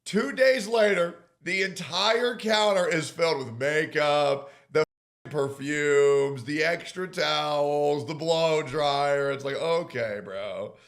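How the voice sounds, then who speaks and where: A man's voice: on the high side, slow pace, fairly bright tone. A man streaming, reacting bluntly to videos with slangy interjections. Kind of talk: reaction commentary.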